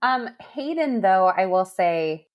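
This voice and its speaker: A woman co-hosting a podcast, chatting casually and telling animated stories. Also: mid-range voice, slow. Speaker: podcast co-host. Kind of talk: casual chat.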